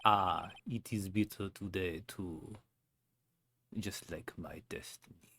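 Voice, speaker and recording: A man's voice: deep voice, steady tone, slow pace, sharp tone, a little hiss or hum, heavily acted. A man voicing a brooding, coffee-loving prosecutor with dramatic pronouncements. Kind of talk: fan voice acting over a game.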